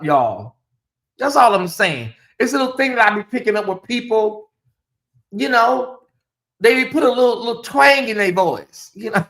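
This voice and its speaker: A man with a high, bright voice hosting a casual livestream. He talks straight to his viewers, reads their comments aloud and breaks into mocking put-on voices. His delivery is animated and chatty. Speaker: host.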